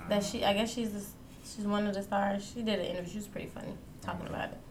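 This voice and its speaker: A woman's voice: medium pitch, steady tone, quick pace, slight background noise. A woman co-hosting a podcast, chatting casually and laughing often. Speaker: podcast co-host. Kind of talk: casual chat.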